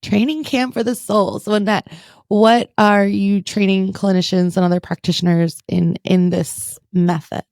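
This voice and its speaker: A woman's voice: mid-range voice, little pitch movement, moderate pace, darkish tone, no echo, clean studio sound. A woman in her thirties, a therapist hosting a podcast interview, chatting casually and sharing parenting stories. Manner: conversational, shares parenting stories, frequent fillers.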